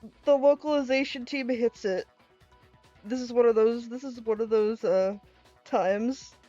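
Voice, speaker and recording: A woman's voice: on the high side, a little slow, dark tone, highs cut off. A woman streamer giving casual, exasperated commentary on a game, laughing and swearing often. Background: faint game music.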